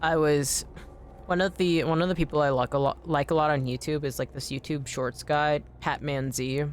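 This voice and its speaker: A woman streamer chatting casually while playing a game, rambling with many fillers, swearing freely and breaking into sudden excited outbursts. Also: sits low, normal speed, slight background noise. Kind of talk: casual live gameplay chat.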